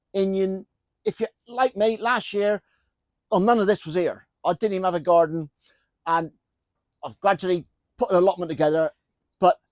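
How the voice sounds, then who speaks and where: A man's voice: sits high, a little mellow, no echo. An older man chatting to camera about his allotment from inside a polytunnel, jokey, with the odd mild swear word. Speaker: gardening vlogger. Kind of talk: casual chat to camera.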